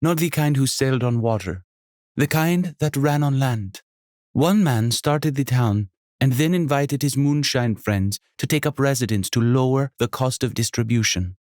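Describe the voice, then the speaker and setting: A man voicing a chatty woman in her sixties who runs a bed and breakfast, with a faint Jamaican accent and rapid-fire energy. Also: mid-range voice, a little mellow, no room sound, studio quality, pitched above the performer's own voice, natural voice. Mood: bubbly. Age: 60s.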